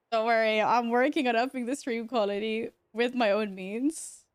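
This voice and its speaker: An excitable woman streamer with a fairly high voice chats casually with her viewers. She laughs often and swears when amazed. Her voice sounds dry and close, with no room echo. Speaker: livestreamer.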